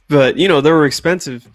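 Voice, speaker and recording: A man's voice: on the high side, moderate pace, no room sound, studio quality. Young man rambling with laughter. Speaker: podcast co-host. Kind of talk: casual chat.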